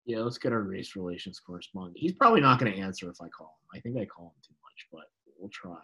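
A man's voice: sits low, animated, quick pace, sharp tone, breathy edge, poor audio. A man co-hosting a podcast, telling stories animatedly, with lots of "like" and "dude" and casual swearing. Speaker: podcast co-host.

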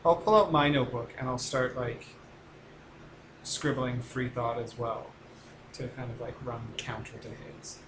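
A man's voice: medium pitch, fairly even intonation, measured pace. A man playing in a tabletop game, asking earnest questions in a casual manner. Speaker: player. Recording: distant, echoey, noisy.

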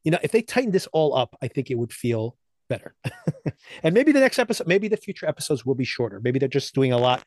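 A man's voice: medium pitch, sing-song, quick pace, darkish tone, no room sound. A man co-hosting a podcast, casually recapping and reviewing TV episodes with loose, chatty phrasing. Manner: loose, chatty recapping with frequent laughs and fillers. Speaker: podcast co-host.

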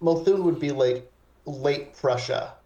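A man's voice: a little high, takes it slowly, highs cut off, crowd noise. A man co-hosting a podcast, joking and agreeing casually among friends. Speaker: podcast co-host.

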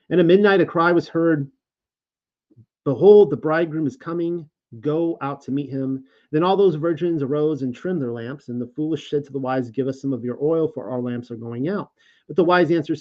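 A man hosting an informal Bible study, reading passages aloud and commenting in a casual, animated way with frequent restarts. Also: a little high. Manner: casual, animated, stumbles over names and restarts. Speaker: Bible teacher and show host. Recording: slightly dull lo-fi audio.

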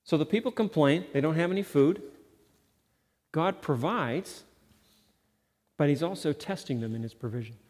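A man's voice: fairly high pitch, expressive, moderate pace, long pauses, darkish tone. A male pastor giving a conversational sermon, often checking in with the congregation. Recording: long reverb of a large hall.

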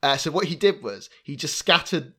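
A man's voice: on the high side, expressive, normal speed, bright, forceful tone. A man hosting a casual film discussion, chatty and jokey, with many fillers and restarts. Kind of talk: casual chat.

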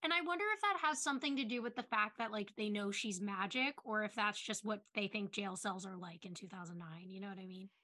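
Bright, chatty young woman podcaster. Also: medium pitch. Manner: quick, chatty retelling with many "like"s. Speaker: podcast co-host. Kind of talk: casual chat recapping a TV episode.

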